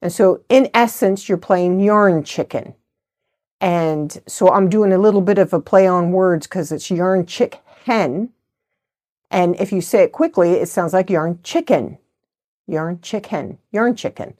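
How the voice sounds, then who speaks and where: A woman's voice: lowish voice, unhurried, darkish tone. A middle-aged woman hosting a crafting vlog, chatting in a rambling, good-humored way. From United States. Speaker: host of a knitting channel. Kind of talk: casual chat.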